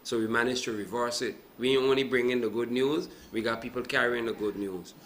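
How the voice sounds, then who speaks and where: Animated businessman explaining, bright voice. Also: medium pitch, a little fast, slight background noise. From Sint Maarten. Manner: animated, explains with examples and asks "right?". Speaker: event producer and businessman guest. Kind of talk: live TV talk show interview.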